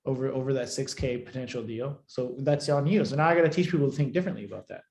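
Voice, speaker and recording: A man coaching students in a live online training, blunt and profane, swinging between loud and soft for emphasis. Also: mid-range voice, fast talker, gravelly. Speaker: marketing coach. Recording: echoey room.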